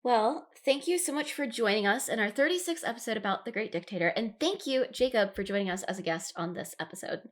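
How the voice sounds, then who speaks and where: Woman co-host, casual and upbeat, quick to laugh. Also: on the high side, expressive. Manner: upbeat, laughs often between lines. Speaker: podcast co-host. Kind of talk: casual podcast chat.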